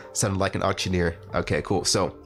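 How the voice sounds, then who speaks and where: A man announcing a live online game tournament, talking in a rambling, halting way with lots of fillers and restarts. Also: sits low. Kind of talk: live esports commentary.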